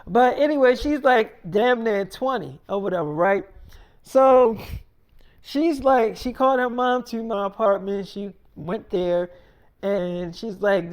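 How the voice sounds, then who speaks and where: A man's voice: sits high, unhurried. A man telling a long improvised story in a casual, profane way, retelling every exchange as "I'm like, she's like.". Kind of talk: rambling improvised spoken story.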